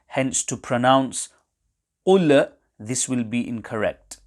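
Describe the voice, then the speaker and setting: A man teaching correct recitation, explaining pronunciation errors in a measured, precise way. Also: medium pitch. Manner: measured and precise, pausing between phrases. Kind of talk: slow, deliberate instructional explanation.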